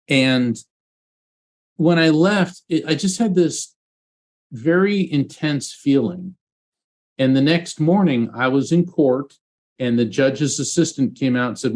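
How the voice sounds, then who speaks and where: A man in an interview talks earnestly, recounting a personal story with animated energy. His voice sits at an ordinary pitch and he often restarts his phrases as he goes. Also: moderate pace. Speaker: psychic medium guest, former trial lawyer.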